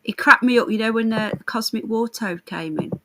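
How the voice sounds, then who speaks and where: Hosting a live stream, this woman talks at normal speed in a fairly high, slightly bright voice, bantering with viewers bluntly, sarcastically and with plenty of cursing. The low-quality audio carries a little hiss or hum.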